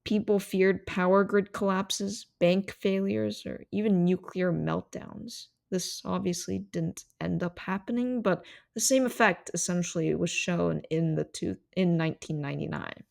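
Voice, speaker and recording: A woman hosts a solo podcast and muses her way through history and ideas. Her voice sits on the low side, with a lot of vocal fry. She explains things reflectively and thinks aloud as she goes. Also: steady tone, a little slow, few pauses, darkish tone. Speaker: podcast host.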